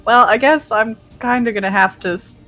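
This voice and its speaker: A woman's voice: fairly high pitch, moderate pace, pushed and bright, faint music behind. Upbeat woman playing a tabletop game. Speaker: player. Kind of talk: casual tabletop play.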